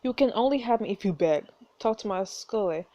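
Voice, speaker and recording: A woman's voice: mid-range voice, expressive, a little fast, warm tone, natural voice. A woman reading as a cheeky young courtesan. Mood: defiant. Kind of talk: reading game dialogue aloud.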